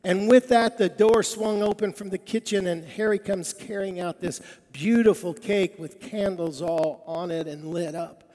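High-voiced preacher telling a story in an echoing hall. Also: male voice, unhurried, hardly any pauses. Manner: animated storyteller quoting characters. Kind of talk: sermon storytelling. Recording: long reverb of a large hall.

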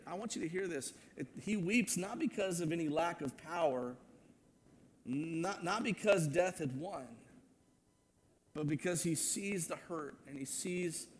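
A man preaching a sermon, moving between loud proclamation and hushed, earnest asides. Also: high voice. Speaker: pastor.

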